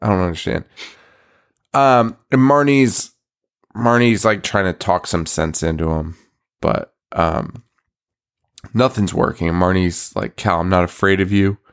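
A man's voice: sits low, unhurried, gravelly, long pauses, smooth. A man hosting a podcast, recapping a movie plot in casual chat, rambling, laughing often and swearing freely. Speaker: podcast host.

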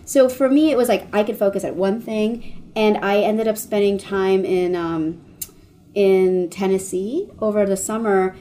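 The voice is a woman's, mellow and relaxed, with a faint hiss of noise behind it. She is a veterinary oncologist from Washington, D.C., talking casually in an interview. She rambles through her stories with fillers and restarts and slips into the voices of the people she quotes. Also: mid-range voice, measured pace. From Washington, D.C., United States. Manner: acts out quoted voices of others.

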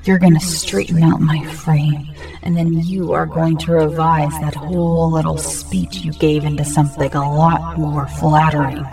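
A cruel, vain painted villain come to life, voiced by a man, drawling his threats at a slow, deliberate crawl. His sneering menace sits over clearly audible background music in this horror story reading. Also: fairly high pitch, level tone. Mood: commanding.

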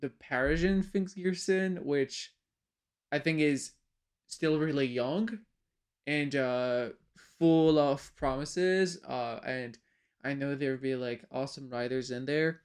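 Male podcast host, smooth clear voice, medium pitch, hesitant pauses. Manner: questioning, hesitant with many uh pauses. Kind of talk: hosting a casual panel chat.

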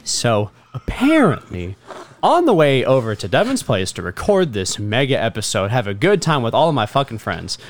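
A young man tells a comic story as an exasperated rant, swearing freely and laughing through his own complaints. His pitch swings widely, from low grumbling to high, outraged peaks. He sounds like a podcast co-host sitting with friends. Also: huge pitch swings, moderate pace, over music. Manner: profane, exasperated, laughing ranter.

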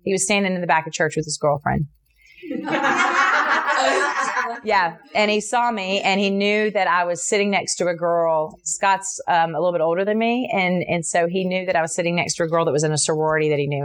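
A middle-aged woman earnestly telling a personal story in an interview, with fillers and restarts, acting out the voices in what people said. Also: a little fast. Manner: earnest, animated retelling with many fillers and restarts; voices others in quotes, jumping high for her own reactions.

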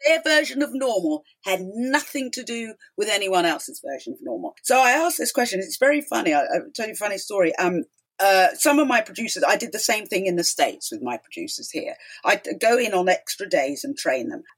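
A woman's voice: mid-range voice, fairly quick, husky. A middle-aged woman, a talk show host as guest, telling stories emphatically and acting out quotes in a chatty interview. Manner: animated, emphatic, acts out quotes. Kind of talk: storytelling interview chat.

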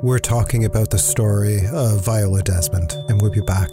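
A man hosting a radio interview, asking calm questions and encouraging his guest. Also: on the low side, moderate pace, over loud music. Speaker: radio host.

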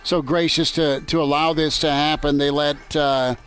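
Man, radio host, slightly high voice, joking banter, broadcasting from a ballpark. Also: flat delivery, moderate pace, a bit bright, soft background music. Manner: joking, loose, easygoing banter. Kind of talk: casual sports talk radio. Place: outdoors at a ballpark.

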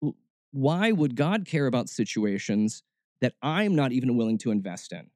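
A man's voice: medium pitch, very animated, moderate pace, darkish tone, dry recording, clean studio sound. A man hosting a faith podcast, talking in a casual, reflective way and often restarting his words. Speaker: podcast host.

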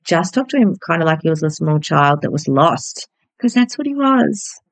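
A woman in her thirties speaks gently and candidly, reflecting as she tells a personal story on her podcast. Her voice sits on the low side, and the recording is dry and close to the mic. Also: sing-song, moderate pace, no room sound, low-quality recording. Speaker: podcast host.

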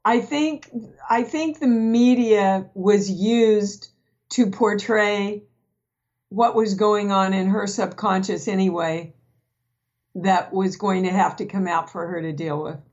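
A woman's voice: medium pitch, steady tone, slow, a little mellow. A woman, a guest actress in a candid podcast conversation, talking frankly and acting out remembered dialogue. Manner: frank storyteller, acts out quoted dialogue. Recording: dull lo-fi podcast audio.

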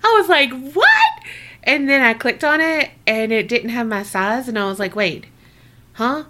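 Bright high-pitched woman, swearing podcast host. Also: brisk. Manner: expressive storytelling with swearing. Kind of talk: casual chat.

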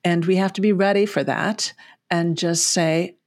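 A woman's voice: fairly low pitch, steady tone, unhurried, darkish tone, no echo. Woman psychologist on a podcast, explains stuff with simple analogies, chuckles a lot, dry close sound. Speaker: child psychologist guest. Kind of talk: podcast interview.

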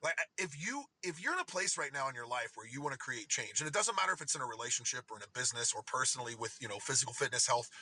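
Fast, bright-voiced male host. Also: mid-range voice, very animated, husky. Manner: enthusiastic, encouraging. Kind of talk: casual chat.

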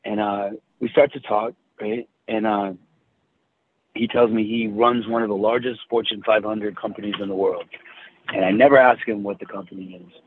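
A man telling a personal story in casual chat, halting and restarting often. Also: on the low side, fairly even intonation, slight background noise. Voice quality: husky, halting with many restarts. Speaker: guest. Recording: tinny phone-like sound.

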